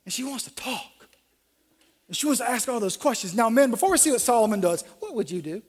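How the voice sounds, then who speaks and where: A man with a high voice delivers a sermon in a large church, acting out the people in his story. His delivery is animated and swings widely in pitch. A long reverb from the big hall trails behind his words. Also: fairly quick, husky. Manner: animated, acts out dialogue with shifting voices. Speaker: pastor.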